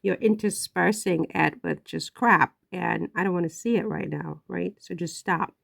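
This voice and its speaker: A woman's voice: on the low side, normal speed, vocal fry, fairly bright tone. A woman giving casual, emotional vlog commentary on royal news, chatty and prone to swearing.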